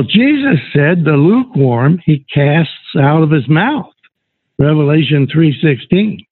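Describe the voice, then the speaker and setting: A male preacher delivers a sermon at an unhurried, deliberate pace, reading scripture aloud. His voice sits a little high and sounds husky. The recording is dry and narrow, like a phone line. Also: no room sound.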